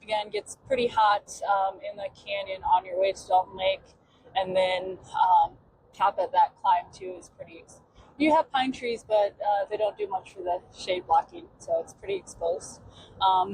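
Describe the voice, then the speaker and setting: Woman, podcast host, casual storytelling, filler-heavy chatty delivery, steady background noise. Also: medium pitch, moderate pace. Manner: chatty, loose recounting with many "um" fillers.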